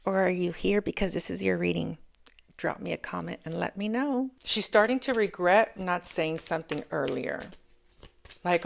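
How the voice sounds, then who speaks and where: A woman's voice: fairly low pitch, moderate pace, gravelly. A woman giving a casual spoken tarot reading, talking emphatically and repeating key phrases for weight. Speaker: tarot reader.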